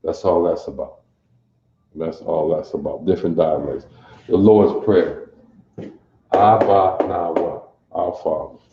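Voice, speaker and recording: A man's voice: very deep voice, fairly even intonation, measured pace, echoey room, highs cut off, slight background noise. A man from teaching a livestreamed Bible class, quizzing his listeners and repeating phrases over and over to drill them. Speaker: religious teacher.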